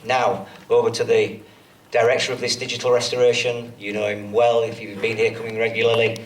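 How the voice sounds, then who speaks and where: A male cinema host with a lowish voice introduces the evening, often restarting his sentences. His voice is caught from far away in an echoey auditorium over background noise. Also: little pitch movement, a little fast. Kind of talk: speech to a cinema audience. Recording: echoey hall, far from the mic.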